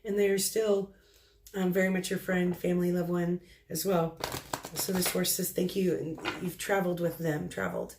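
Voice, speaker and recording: A middle-aged woman working as a psychic medium, relaying spirit messages in a halting, soft-spoken way with many pauses and restarts. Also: lowish voice, level tone, background noise.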